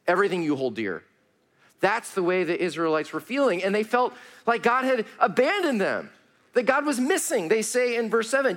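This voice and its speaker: Expressive pastor preaching. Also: male voice, normal speed. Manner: expressive, swings from raised pleading to hushed low tones; addresses congregation warmly as friends, uses y'all. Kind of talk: sermon.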